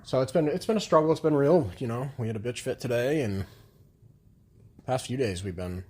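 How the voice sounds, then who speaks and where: On a laid-back couple's podcast, a man with a mid-range, slightly mellow voice talks briskly. He rambles and speaks frankly, with occasional swearing.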